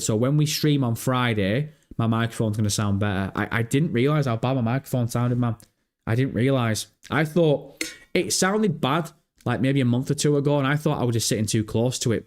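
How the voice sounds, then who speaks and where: A young man hosting a casual gaming livestream, excitable and swearing freely, through a bass-heavy desk microphone. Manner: excitable, swears freely, pitch leaps when surprised. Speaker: livestream host.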